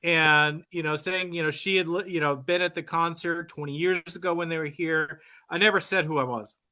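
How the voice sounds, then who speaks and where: A man with a high, strikingly bright voice chats on a video call. He tells anecdotes animatedly, leaning on "you know" and playing out the other voices. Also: fairly even intonation, moderate pace. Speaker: cousin of the musician, group regular. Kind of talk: casual video chat storytelling.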